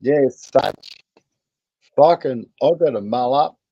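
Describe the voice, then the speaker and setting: Australian male co-host, slow mellow delivery, dry muffled stream audio, casual swearing banter. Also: medium pitch, animated, husky, no room sound. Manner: laid-back, swearing, laughing often. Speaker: livestream co-host. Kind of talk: casual late-night chat.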